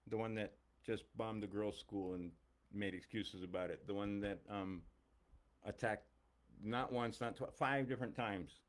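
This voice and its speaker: A man's voice: on the low side, a little mellow. A middle-aged man and longtime teacher giving a blunt, emphatic, profane ranting monologue.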